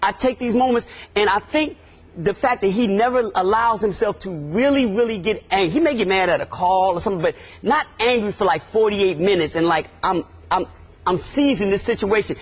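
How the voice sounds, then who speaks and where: Sports debate co-host, male, husky high voice, emphatic, dull lo-fi audio. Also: fairly quick. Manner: animated, emphatic, repeats phrases.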